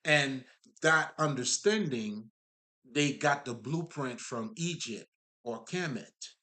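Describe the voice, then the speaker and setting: Speaking slowly in an animated, pushed, bright mid-range voice, a man rambles through a casual spiritual monologue. He's emphatic and profane, full of fillers and side remarks aimed at his listeners.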